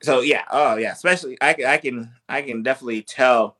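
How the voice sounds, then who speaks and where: A man's voice: medium pitch, fast talker, sharp tone. A man hosting an interview, talking hesitantly and restarting his sentences often. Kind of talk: interview conversation.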